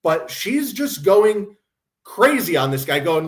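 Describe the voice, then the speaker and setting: A man's voice: high voice, big pitch swings, takes it slowly. A man hosting a casual commentary stream, talking bluntly with a sardonic, profane edge. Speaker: host.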